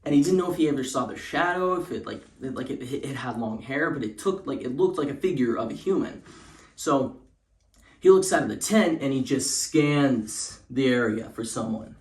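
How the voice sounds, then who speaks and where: A man's voice: mid-range voice, lively intonation, moderate pace, reverberant. A young man telling a parody spooky story in a rambling way, with lots of fillers and restarts.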